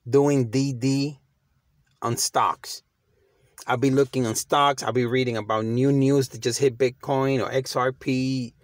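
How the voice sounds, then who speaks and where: A man's voice: mid-range voice, dry recording. A middle-aged man giving casual, slangy motivational talk, emphatic and repeating himself as he restarts his phrases. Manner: slangy, conversational. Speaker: motivational vlogger.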